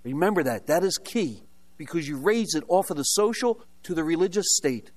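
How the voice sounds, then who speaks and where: A man's voice: a little high, animated, moderate pace. An older American man preaching a sermon, telling his own story with humorous asides and rhetorical questions. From United States. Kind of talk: sermon with personal testimony.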